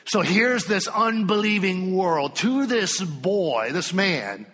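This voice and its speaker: Male pastor, emphatic sermon, slightly high and husky, reverberant hall. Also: slow, hardly any pauses. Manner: animated, emphatic, calls out to congregation.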